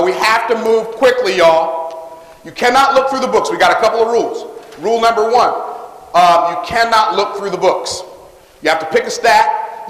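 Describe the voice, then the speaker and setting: In a large, echoing hall with long reverb, a man gives a live motivational talk before an audience. He runs an energetic call-and-response with the crowd while selling his books.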